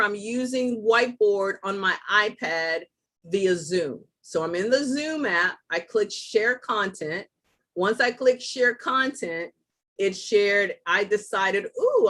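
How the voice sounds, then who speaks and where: A chatty woman runs a live online tutorial at an easy middle pitch. She talks her way through every step and jokes about her own slips as she goes. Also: fairly bright tone. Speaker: host.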